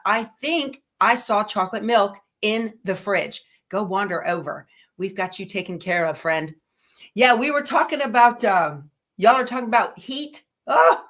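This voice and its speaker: A woman's voice: lively intonation, moderate pace, fairly bright tone. A middle-aged woman, chatting casually as host of a livestream and talking to viewers in a homey, rambling way. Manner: chatty and homey, talks to her dogs in a high baby voice.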